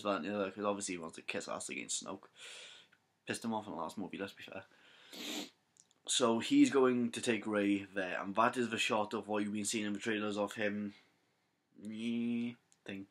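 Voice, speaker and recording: A man's voice: fairly low pitch, a bit bright. A young man with a Welsh accent chatting casually to camera, rambling and correcting himself, with trouble saying his th sounds. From Wales. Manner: rambling, self-correcting, slangy. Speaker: fan vlogger. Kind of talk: casual theory chat to camera.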